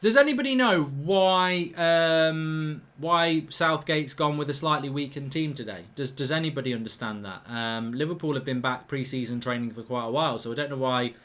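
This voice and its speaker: A man's voice: fairly high pitch, moderate pace, few pauses, a bit bright. A man hosting a live football watchalong, chatting casually, giving opinions and reading out viewer comments. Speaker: host.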